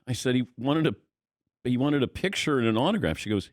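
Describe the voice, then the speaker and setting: A man's voice: medium pitch, moderate pace, no echo, clean studio sound. A man hosting a sports talk radio show, telling a story and acting out the dialogue in casual chat. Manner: animated storyteller, acts out dialogue. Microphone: studio microphone.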